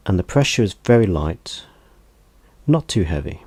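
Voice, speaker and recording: Low-voiced, calm male massage instructor. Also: breathy edge, no echo. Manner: soft-spoken, gentle, unhurried.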